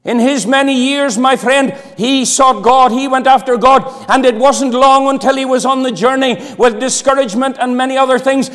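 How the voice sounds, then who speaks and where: A man preaching a sermon with fervour, his voice swinging from loud declarations to hushed appeals. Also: extremely high pitch, steady tone, moderate pace, few pauses. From Northern Ireland. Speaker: pastor. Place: church hall. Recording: long hall reverb.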